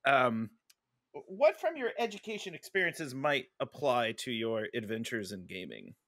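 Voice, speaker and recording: A man hosts a podcast with wildly swooping pitch and a bright tone. He asks quick questions padded with fillers. The mic is close and dry. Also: big pitch swings, no echo. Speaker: podcast host. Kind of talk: casual interview chat.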